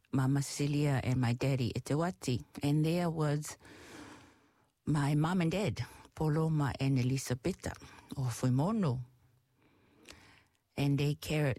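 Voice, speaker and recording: A middle-aged woman with a Samoan accent, slowly and fondly recalling her family upbringing. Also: low voice, warm tone, dry recording. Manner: slow, reflective, affectionate. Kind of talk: personal storytelling.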